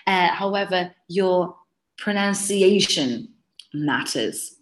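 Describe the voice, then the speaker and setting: A woman's voice: lowish voice, expressive, slow pace. A British woman presenting a live webinar as an English exam teacher, talking conversationally and answering chat questions as they come in.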